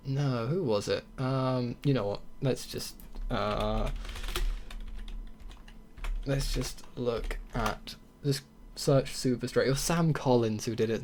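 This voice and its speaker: A man's voice: mid-range voice, a little mellow. Young guy ranting on his podcast, blunt and sweary, does sarcastic little mock voices, faint hiss behind. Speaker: podcast host. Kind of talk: casual solo podcast rant.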